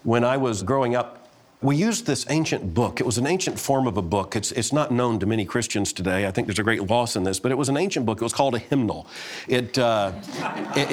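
Middle-aged preacher, earnest, scripture reading and teaching, mid pitch. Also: male voice. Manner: reads scripture aloud, then explains it in an earnest teaching tone. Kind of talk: sermon.

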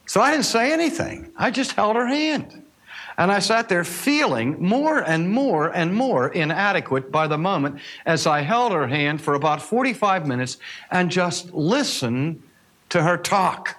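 A man's voice: high-pitched, big pitch swings, normal speed, a bit bright. A male minister telling a personal story in a sermon, earnest and reflective, quoting the people he met.

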